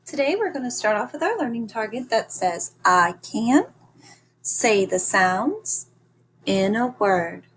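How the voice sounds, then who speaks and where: A woman teacher giving a recorded phonics lesson to young children, slow and encouraging as she sounds out each part of a word. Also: fairly high pitch, slight background noise.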